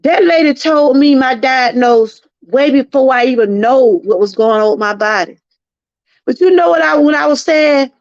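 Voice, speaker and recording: Here the channel host is a middle-aged woman with a Southern US accent whose voice sits high, with no echo. She speaks to her viewers during a live-stream testimony talk, earnest and preachy and prone to repetition, over dry, slightly muffled lo-fi audio.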